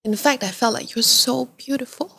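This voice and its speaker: A woman's voice: on the high side, moderate pace, vocal fry, pushed and bright, husky. A young woman hosting a podcast interview, talking in an earnest, emotional and affirming way. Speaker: podcast host.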